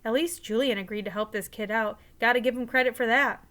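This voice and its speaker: A woman's voice: fairly high pitch, a little fast, a bit bright, natural voice. A woman voicing a mother of two boys, earnest and ready to scold, in a read-aloud story. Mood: patient.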